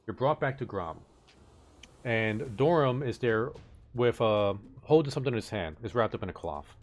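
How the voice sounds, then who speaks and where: A man narrating as game master for a tabletop game, halting and full of fillers and restarts. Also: medium pitch, lively intonation.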